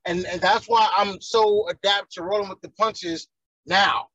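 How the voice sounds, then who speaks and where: A man's voice: high voice, steady tone, a little slow, pushed and bright, breathy edge, no echo, dull audio. A man, ranting heatedly and profanely in casual chat as a podcast co-host.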